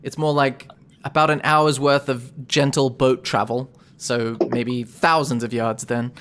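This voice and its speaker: A man narrating a tabletop game as game master, relaxed and rambling, correcting himself as he goes. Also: medium pitch, measured pace, noisy background.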